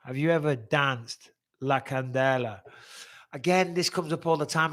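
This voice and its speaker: Man, 40s, live-stream host. Slightly raised pitch, blunt and chatty, swears freely while answering viewer questions. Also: measured pace, a bit bright.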